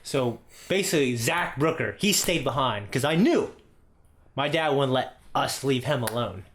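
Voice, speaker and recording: A man's voice: mid-range voice, normal speed. A man in his thirties, a podcast co-host, telling a long personal anecdote in a casual, profane style, checking in with "okay?" as he goes. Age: 30s. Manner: profane, animated anecdote with frequent "okay?" asides. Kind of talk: casual storytelling.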